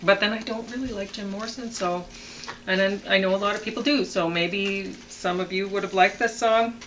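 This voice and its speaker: A woman with a bright, clear voice talks through song lyrics in a loose, chatty way. She reads a line, pauses on fillers, then says which word should get the accent. Faint noise sits under the recording. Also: medium pitch, steady tone, low-quality recording. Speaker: podcast co-host reviewing songs. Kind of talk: casual analytical chat.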